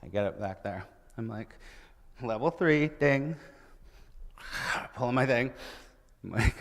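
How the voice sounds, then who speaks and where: A man giving a lively sermon-style talk at a church, telling stories and asking his audience questions. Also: lowish voice, unhurried, pauses often. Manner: animated, asks the audience questions. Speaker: church speaker. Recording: church hall with long reverb.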